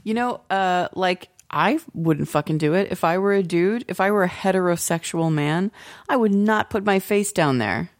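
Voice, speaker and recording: A woman co-hosting a casual chat, teasing with quick deadpan quips. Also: fairly low pitch, dry recording, clean studio sound.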